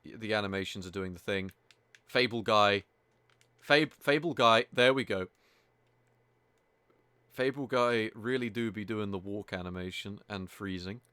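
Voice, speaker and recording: A male game streamer with a fairly low voice, talking live over his gameplay in a loose, chatty way. He sounds exasperated and swears freely. The sound is dry and close. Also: unhurried, pauses often, bright, forceful tone, clean tone, dry recording.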